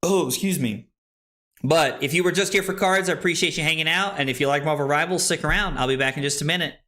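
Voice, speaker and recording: A tipsy man streaming live, chatting loudly and jokily into a streaming mic, swearing and laughing often. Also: a little high, fast talker. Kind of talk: casual live-stream chat. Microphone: streaming microphone.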